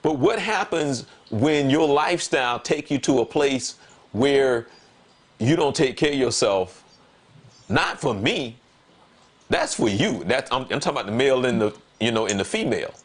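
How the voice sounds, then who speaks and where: A man in relaxed conversation on a talk show, telling a personal story. He leans on words and repeats them for emphasis. When he acts out what he said, his voice leaps up animatedly. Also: mid-range voice, moderate pace. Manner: animated, voice jumps up when quoting himself. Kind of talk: casual conversation.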